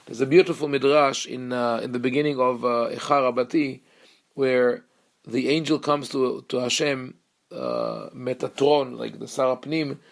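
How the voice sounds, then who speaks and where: A man, a rabbi, giving a Torah class in a halting way with frequent restarts. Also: medium pitch, gravelly. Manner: halting, with many restarts and fillers.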